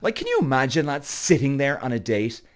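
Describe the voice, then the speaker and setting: A man's voice: mid-range voice, a little fast. Irish male podcast host, casual storyteller, voice swoops up and down, exasperated. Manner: animated, exasperated retelling.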